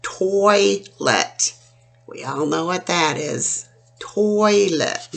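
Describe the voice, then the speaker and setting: A woman teaches a phonics lesson for children. She speaks slowly in a fairly low voice with a gravelly edge, stretching out each word as she sounds it out clearly. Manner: slow, clear, drawn-out sounding out of words.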